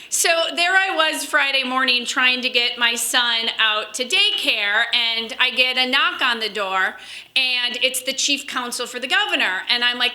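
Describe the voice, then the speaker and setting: Bright-voiced woman giving a chatty speech. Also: sits high, expressive. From Western Wisconsin. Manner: chatty storytelling, quick asides. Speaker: political speaker. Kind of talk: convention speech.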